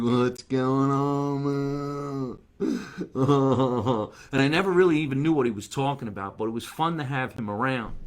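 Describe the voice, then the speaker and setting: A man's voice: mid-range voice, a bit bright. A male comedian hosting a casual live stream, chatting in a rambling way and answering viewer comments. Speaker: comedian and show host.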